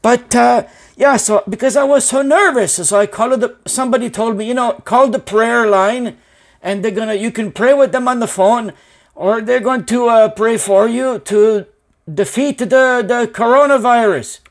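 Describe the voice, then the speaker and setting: A man's voice: very high-pitched, normal speed. A man voicing an anxious, rambling male business owner who speaks broken English and swears a lot.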